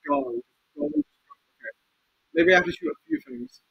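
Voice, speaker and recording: A man giving excitable, swear-filled gameplay commentary as a video game YouTuber, breaking into yelling bursts. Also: very high-pitched, moderate pace, vocal fry, dry recording, highs cut off.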